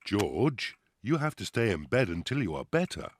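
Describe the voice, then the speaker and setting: A genial cartoon daddy pig. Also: male voice, on the low side, big pitch swings, normal speed, a little hiss or hum. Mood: fatherly. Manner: genial, patient fatherly tone. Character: cheerful father pig, easygoing dad. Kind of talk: children's cartoon voice acting.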